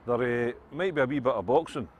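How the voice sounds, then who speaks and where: A man with a Scottish accent voicing a big, bearded Highlander who is friendly and sly, delivered matter-of-factly in a told joke. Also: brisk, slightly rough, lightly acted. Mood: deadpan.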